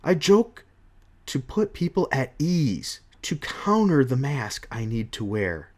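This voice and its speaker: A man's voice: medium pitch, very animated, slow pace. A man reading out a young male superhero's comic lines, raised and emphatic. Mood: earnest. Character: young male superhero, joking yet earnest.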